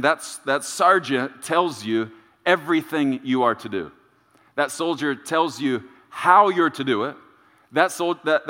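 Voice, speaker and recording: A male pastor delivering a sermon, emphatic and repetitive, with dramatic pauses. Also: a little high, sharp tone. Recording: reverberant church sanctuary.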